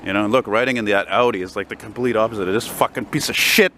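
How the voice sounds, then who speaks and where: A man's voice: fairly low pitch, fast, pushed and bright. A man, walking through snowy city streets and telling a rambling, profanity-laced story to his handheld camera. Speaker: vlogger. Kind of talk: casual walking vlog storytelling. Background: faint city traffic.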